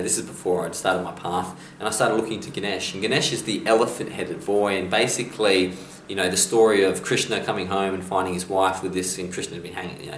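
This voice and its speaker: A man telling motivational stories on his vlog, in a rambling, jokey way with many restarts. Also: deep voice. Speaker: motivational vlogger. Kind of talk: casual motivational storytelling. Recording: echoey room, distant mic, faint hiss.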